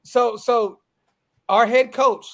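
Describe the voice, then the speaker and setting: A man's voice: extremely high pitch, fairly even intonation, slow, fairly bright tone. A man hosting a casual live show, cutting in to recap the story and answering viewers. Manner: interjecting, talks over others to recap.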